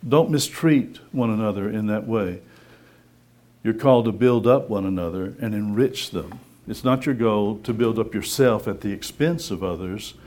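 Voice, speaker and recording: A man preaching a sermon, conversational and lively, firing rhetorical questions and acting out little voices. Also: on the low side, moderate pace.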